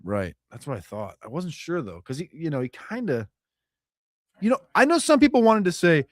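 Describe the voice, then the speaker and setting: A man's voice: a little high, sing-song, normal speed, no room sound, studio quality. A man analyzing the football draft live, talking emphatically in a rambling, slangy way with many restarts. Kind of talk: live draft coverage chat.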